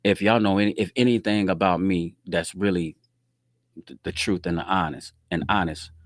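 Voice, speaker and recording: Middle-aged male host, low voice, dry close sound, animated slangy storyteller with loud outbursts. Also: normal speed, dry recording. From Quad Cities, US Midwest. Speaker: show host telling a street story. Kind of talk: casual storytelling rant on a livestream.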